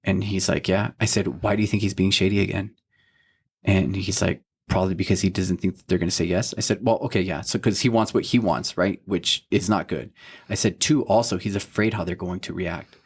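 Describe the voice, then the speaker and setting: A man in his thirties who co-hosts a faith podcast tells a story about his son, casual and earnest in a heartfelt parental tone, quoting what everyone said and saying "you know what I mean" a lot. His voice is low, steady in tone, brisk and slightly rough.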